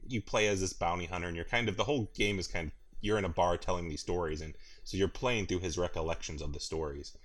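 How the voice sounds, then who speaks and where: A man's voice: low voice, fast, hardly any pauses, a bit bright. A man hosting a casual gaming podcast, rambling through his thoughts with frequent laughs and restarts. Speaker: podcast host.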